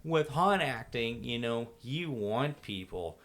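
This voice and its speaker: Animated man telling haunt stories. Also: mid-range voice, takes it slowly, a little hiss or hum. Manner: animated storyteller, acts out scares and screams, laughs often. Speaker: guest, haunt actor. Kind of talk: casual podcast chat.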